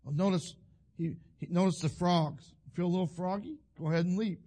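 A male preacher, giving a folksy sermon that builds to fervent shouting. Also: high voice, brisk.

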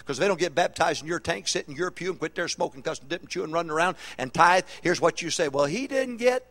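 A middle-aged man preaching a humorous, animated sermon as a pastor in a church auditorium, with call-and-response questions to the congregation. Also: on the high side, fast.

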